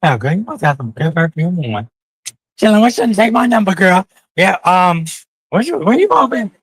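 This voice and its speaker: A man's voice: sits high, big pitch swings, normal speed, a bit bright, husky, no echo, rough recording. A man hosting a casual live stream while walking city streets at night, flamboyant and profane, calling his viewers honey with sing-song outbursts.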